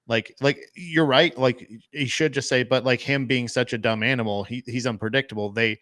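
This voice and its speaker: A man's voice: mid-range voice, normal speed, a bit bright, dry recording. A man chatting casually about movies as a podcast co-host, rambling with lots of fillers and swearing.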